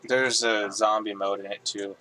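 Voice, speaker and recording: Low-voiced man teasing his co-player. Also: steady tone, normal speed, sharp tone, a little hiss or hum. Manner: teasing, short quips. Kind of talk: casual gaming chat.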